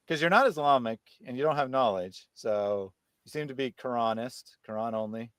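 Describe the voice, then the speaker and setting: Male host, mid-pitched, sarcastic and combative with commenters, dry close mic. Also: expressive, moderate pace, a bit bright, no room sound. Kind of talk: live-stream debate chat, reading viewer comments.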